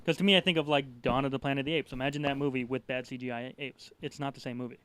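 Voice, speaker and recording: A man's voice: medium pitch, steady tone, fairly bright tone, a little hiss or hum. A man co-hosting a casual movie podcast, teasing and arguing his points. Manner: quick, teasing, argumentative. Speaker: podcast co-host. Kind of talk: casual chat.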